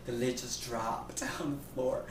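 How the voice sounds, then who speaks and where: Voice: mid-range voice, steady tone, measured pace. A flamboyant, campy cooking show host from Puerto Rico who chats casually through a home demonstration and keeps calling the viewers darling and honey. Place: home kitchen. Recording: echoey room from far off with faint noise.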